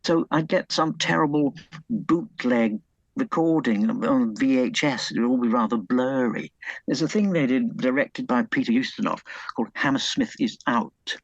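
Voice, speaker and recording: Gravelly, husky man talking about old films. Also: mid-range voice, moderate pace, no echo, dull audio. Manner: hesitant, many fillers and restarts, enthusiastic about old films. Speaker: author interviewed about his book. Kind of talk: conversational interview.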